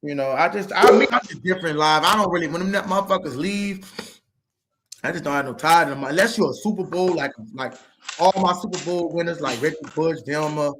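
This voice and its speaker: A man with a fairly high voice, co-hosting a sports podcast. He rambles and gets heated, swearing freely. A faint hiss and occasional clicks sit under his voice. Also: fairly quick. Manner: animated, heated, profane, rambling. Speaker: podcast co-host. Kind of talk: casual sports chat.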